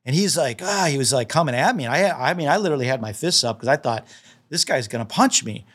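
A man with a mid-range, slightly rough voice talks fast in a podcast interview. A land specialist, he tells stories casually and animatedly, acting out the dialogue and often repeating and restarting.

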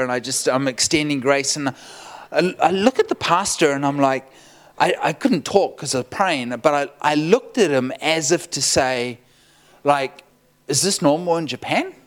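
Male pastor, storytelling sermon, animated, laughs often, slightly high voice. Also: moderate pace.

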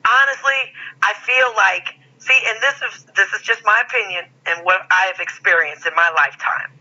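A woman's voice: medium pitch, normal speed. A woman co-hosting a podcast in casual chat, laughing often and telling stories with lots of profanity. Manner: laughing, profane, animated storytelling. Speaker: podcast co-host. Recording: dull lo-fi sound.

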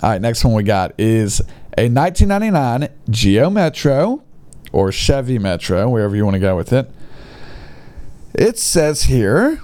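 A man giving comedic commentary with mocking, sarcastic quick asides. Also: medium pitch, dark tone, clear, resonant tone. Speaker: host.

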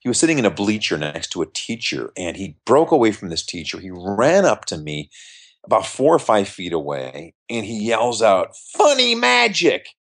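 Lively, low-voiced man telling stories. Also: normal speed, husky. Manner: animated storyteller acting out quoted voices. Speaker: magician, interview guest. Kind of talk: storytelling in an interview.

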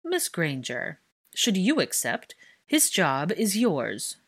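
A woman's voice: low voice, lively intonation, a bit bright, slightly rough, full character voice. Woman doing a brusque, arrogant male official. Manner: brusque, slow and clipped.

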